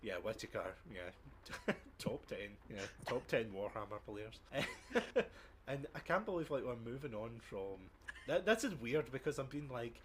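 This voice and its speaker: A man's voice: mid-range voice, very animated, measured pace. A young man co-hosting a casual film chat, rambling with lots of fillers. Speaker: podcast co-host. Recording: noisy background hiss.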